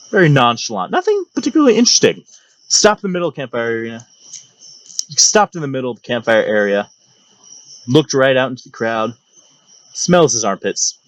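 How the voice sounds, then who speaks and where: A man's voice: mid-range voice, no room sound. A young man hosting a comedic storytelling monologue, mock-grand and sarcastic in his telling, recorded close on a dry mic. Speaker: storytelling channel host.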